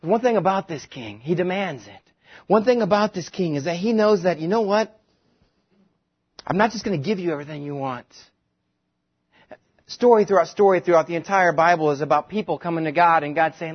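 A male pastor preaching a sermon, animated, slipping into quick voices to act out the people in his stories. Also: sits high, muffled recording. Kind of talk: sermon with comic retelling.

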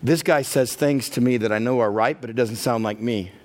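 Man preaching a lively sermon. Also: mid-range voice, fairly quick. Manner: acts out inner voices, builds to loud passionate climax. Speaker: pastor.

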